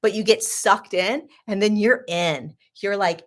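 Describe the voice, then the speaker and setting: A woman hosting a casual talk, telling a personal story in an animated, laughing way that swings between loud and hushed. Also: mid-range voice, a little slow, hardly any pauses. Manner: frequent 'like' and restarts, sarcastic. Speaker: host.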